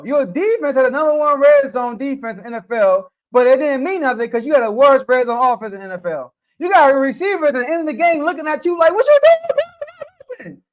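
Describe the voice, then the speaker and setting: A man from the United States who hosts a sports podcast. He debates in an animated, casual way, throws out rhetorical questions and speaks directly to the athletes. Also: very high-pitched, lo-fi sound. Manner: animated, rhetorical, talks straight to the players.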